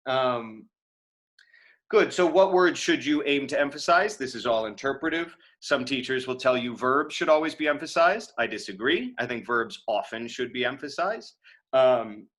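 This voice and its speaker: A man's voice: mid-range voice, animated, normal speed, fairly bright tone. An American man lecturing on acting over a video call, talking casually with frequent fillers and restarts. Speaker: acting teacher. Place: home room on a video call. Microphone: video call microphone.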